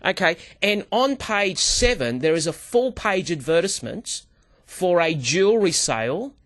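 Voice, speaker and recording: A man explains sales tactics with a lively, swooping pitch. He tells his stories with energy, slips into the voices of the people in them, and keeps calling the host by name. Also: moderate pace. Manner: animated storyteller who acts out dialogue and keeps addressing the host. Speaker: sales trainer guest. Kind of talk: animated interview talk.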